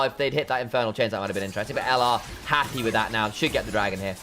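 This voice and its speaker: A man casting a live esports match, breaking down item choices in detail, chatting with viewers and breaking into excited shouts during fights. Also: on the low side, very fast, hardly any pauses, slight background noise. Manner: analytical, chatty with viewers, bursts of excitement on plays. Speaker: esports caster.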